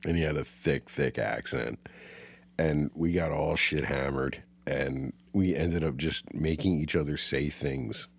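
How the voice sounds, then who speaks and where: A man's voice: very deep voice, a little slow, creaky, husky. A man co-hosting a casual movie chat, swearing freely and laughing often. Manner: profane, laid-back, laughs often. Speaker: podcast co-host.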